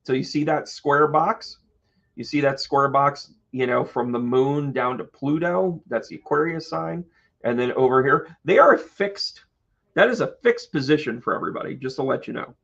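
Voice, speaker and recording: A man's voice: medium pitch, normal speed, creaky, fairly bright tone, lo-fi sound. A man hosting an astrology live stream, chatty and joking, talking to his viewers by name. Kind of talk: casual live stream chat.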